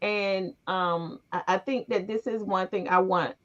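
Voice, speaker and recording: A middle-aged woman with a medium-pitched voice hosts a casual talk-show podcast at a measured pace. She energetically tells family stories and acts out the voices of those involved, though the recording is muffled and lo-fi.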